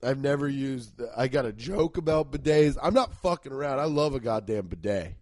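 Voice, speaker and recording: A man in his thirties from Cincinnati, hosting a podcast, rambling profanely and excitably in a casual comedic monologue while congested and sniffly from allergies. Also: medium pitch, a little fast, no room sound. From Cincinnati, Ohio. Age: 30s. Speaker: podcast host.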